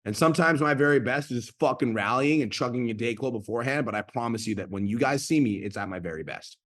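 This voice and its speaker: A man's voice: mid-range voice, quick pace, fairly bright tone. A man in his thirties coaching a group video call, blunt and profane, talking in a pumped-up motivational way. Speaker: online business coach hosting a group call.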